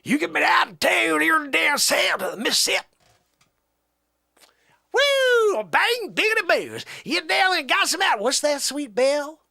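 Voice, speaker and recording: A man's voice: extremely high pitch, very animated, a little slow, creaky, pushed and bright, dry recording, studio quality, pitched above the performer's own voice, full character voice. A man putting on a hollering Southern country guy. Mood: rowdy. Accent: Southern US put-on.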